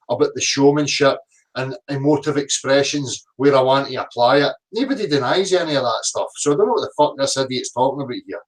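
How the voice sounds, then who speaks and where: A man's voice: mid-range voice, far from the mic. A middle-aged man, reading out online comments and answering them with sarcasm, swearing and combative rants. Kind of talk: reading comments aloud and ranting.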